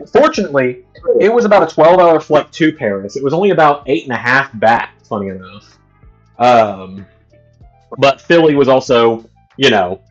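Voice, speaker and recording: Man, livestream host, exasperated, swearing a lot, muffled audio, faint music behind. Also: mid-range voice. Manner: exasperated, profane ranting. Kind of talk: casual storytelling on a livestream.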